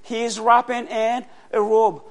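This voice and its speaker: This very high-pitched preacher sets questions before his congregation and then answers them, breaking into loud emphasis at points. His intonation stays fairly even and his pace is unhurried.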